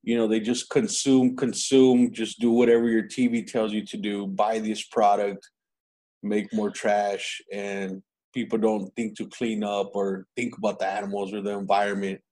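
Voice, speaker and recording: A man's voice: fairly low pitch, flat delivery, moderate pace, warm tone. A man hosting a podcast, chatting in a laid-back, slangy, agreeable way. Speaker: podcast host. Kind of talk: casual podcast chat.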